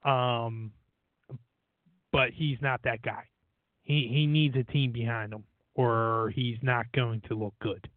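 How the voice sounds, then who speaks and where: A man's voice: medium pitch, steady tone, slow, no echo. A man co-hosting a casual sports talk show, opinionated and leaning on "you know". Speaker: podcast co-host. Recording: dry, tinny phone-like audio.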